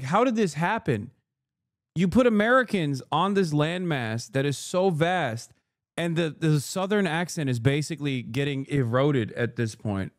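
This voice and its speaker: A man's voice: on the high side, no echo. Emphatic, sweary streamer man, dry sound. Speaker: streamer host reacting to a video. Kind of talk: casual live-stream reaction.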